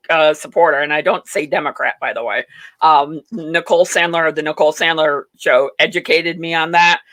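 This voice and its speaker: A talk show host in a political chat, agreeable and halting, often restarting sentences. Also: mid-range voice, pushed and bright, no room sound. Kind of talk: political discussion.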